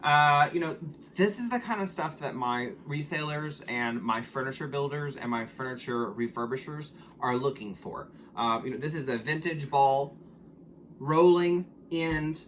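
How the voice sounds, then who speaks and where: A man's voice: mid-range voice, a bit bright, a little hiss or hum. A middle-aged man, a reseller chatting casually to camera in a rambling vlog style with plenty of ums and asides. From Oklahoma, USA. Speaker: estate liquidator and reseller.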